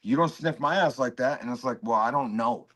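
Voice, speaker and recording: A man's voice: medium pitch, brisk, a bit bright. A man arguing heatedly on a livestream, aggressive and profane, mocking the other speaker. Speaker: stream guest. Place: home.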